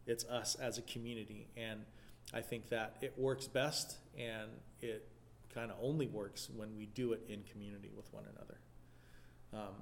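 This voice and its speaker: A man's voice: medium pitch, a little hiss or hum. A man in a casual church talk, speaking earnestly and thinking aloud with many fillers. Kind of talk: casual chat.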